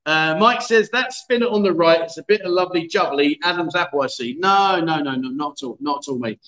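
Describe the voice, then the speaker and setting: A man's voice: on the high side, fairly quick, a bit bright, reverberant. A man in his fifties hosting a casual livestream from a bar, bantering, laughing and reading out viewer comments. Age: 50s. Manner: jokey, laughing, chatty banter. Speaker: livestream host. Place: bar in a city.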